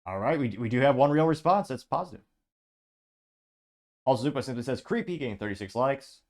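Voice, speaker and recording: A man's voice: medium pitch, brisk, darkish tone. A man hosting a political commentary show, reading social media replies aloud with sarcastic, wry asides. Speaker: podcast host.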